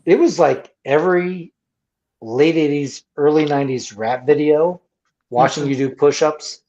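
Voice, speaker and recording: A man in his forties, a Marine veteran, telling profane, lively service stories in casual bar-room chat. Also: a little high, measured pace. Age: 40s. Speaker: podcast host, Marine veteran. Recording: lo-fi muffled audio.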